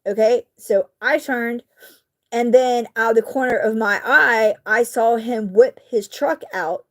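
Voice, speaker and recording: A woman, casually telling a story to her viewers while crafting, animated and indignant, with mild swearing. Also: mid-range voice. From southeastern United States. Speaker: vlogger.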